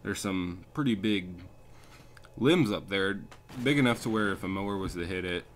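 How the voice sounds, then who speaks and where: A young man with a deep, low voice tells a long, angry story while he plays a game. He rants freely and swears often, and a faint hiss sits under the talk. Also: normal speed. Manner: profane, ranting. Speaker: landscaping crew leader. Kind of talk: casual storytelling over gameplay.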